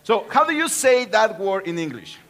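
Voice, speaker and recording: A man's voice: high-pitched, big pitch swings, normal speed, a bit bright. A man from Mexico, a Spanish speaker with a Mexican accent, preaching a playful sermon and joking with his congregation. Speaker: pastor. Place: church auditorium.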